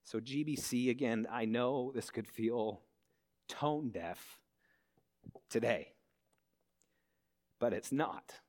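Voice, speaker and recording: A man's voice: medium pitch, slow, long pauses, a little mellow. A man pastor preaching a sermon in a church, earnestly asking his listeners questions. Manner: earnest, asks the congregation many questions. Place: church hall.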